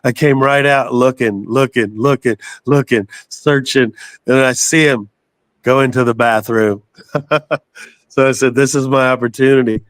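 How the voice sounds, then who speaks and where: An older man telling a story as an interview guest, animated, swearing freely and laughing as he goes. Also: mid-range voice, moderate pace, dry recording. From southern United States. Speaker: guest musician.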